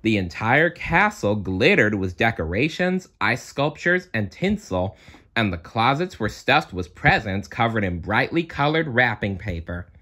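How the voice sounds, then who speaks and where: Animated man reading a storybook. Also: on the low side, a little slow.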